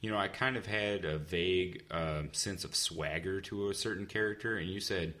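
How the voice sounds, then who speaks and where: Man, low pitch, comic writer, casual podcast talk, easygoing. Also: normal speed, hardly any pauses, sharp tone. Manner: easygoing, storytelling with acted quotes.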